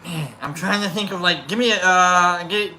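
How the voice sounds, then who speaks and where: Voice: medium pitch, normal speed, sharp tone, a little hiss or hum. A live-stream host chatting loosely with viewers, rambling with many restarts and fillers.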